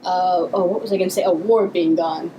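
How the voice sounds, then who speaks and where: A woman's voice: on the low side, fairly even intonation, fairly quick, background noise. A woman co-hosting a casual fan commentary, laughing often and restarting her sentences. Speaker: podcast co-host.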